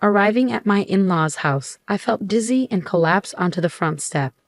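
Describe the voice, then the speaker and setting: A woman in her thirties narrating a first-person story in an even, scripted telling. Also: medium pitch, normal speed, no room sound. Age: 30s.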